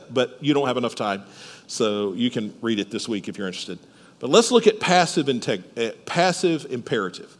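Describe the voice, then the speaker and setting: High, lively man preaching in a hall. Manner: explains step by step, asks the listeners questions. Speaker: pastor. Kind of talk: sermon. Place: church service.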